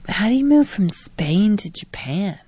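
A woman's voice: mid-range voice, sing-song, a little slow, dark tone, breathy edge, no echo. A woman co-hosting a podcast in a casual chat, talking playfully and telling stories about her child. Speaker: podcast co-host.

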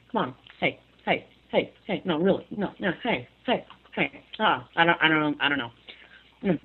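A man's voice: fairly high pitch, lightly acted. A man putting on a goofy, cartoonish rodent-like voice, rambling and fretting with repeated "oh no"s into a webcam mic. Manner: rambling, repetitive, fretful "oh no". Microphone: webcam microphone. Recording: tinny phone-like webcam audio.

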